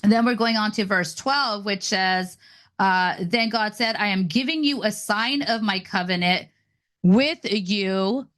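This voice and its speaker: A woman's voice: medium pitch, measured pace, a bit bright, dry recording. A woman hosting a daily Bible reading, reading verses and adding chatty, laughing asides while stumbling over names. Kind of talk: casual Bible reading with commentary.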